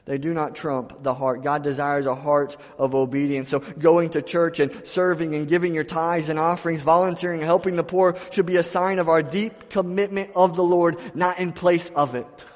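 A man preaching to his congregation in a slightly higher voice, his repeated phrases rising in emphasis. His voice rings with a long hall reverb. The sound is dull and muffled. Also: fairly even intonation, normal speed, hardly any pauses. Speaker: pastor. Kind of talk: sermon.

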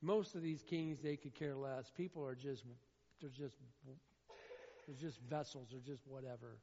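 A man preaching a sermon, swinging between loud, emphatic declaiming and quieter asides. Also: medium pitch, normal speed. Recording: dull sound in a reverberant hall.

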